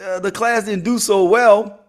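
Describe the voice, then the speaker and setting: A middle-aged man leads a motivational podcast in a high, lively voice. He preaches, then jokes and calls out straight to his listeners. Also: unhurried. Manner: animated, preachy, joking with listeners. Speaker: podcast host.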